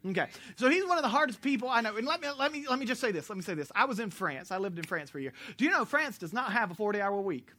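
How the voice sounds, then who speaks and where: Speaking very fast with hardly any pauses, a high-pitched American pastor preaches to his congregation. He's animated throughout, cracking jokes and correcting himself as he goes.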